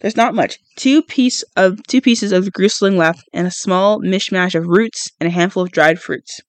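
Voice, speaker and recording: A man's voice: high-pitched, normal speed, dry recording. A man reading a novel aloud for his podcast in an unpolished way, often stumbling and correcting himself. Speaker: podcast reader.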